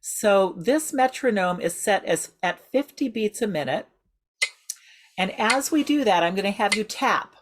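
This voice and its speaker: A woman's voice: medium pitch, expressive. A woman leading a group voice exercise over a video call, giving patient step-by-step instructions. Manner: patient, instructive, speaks in measured rhythm. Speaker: group voice and singing leader. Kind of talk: slow guided voice exercise class.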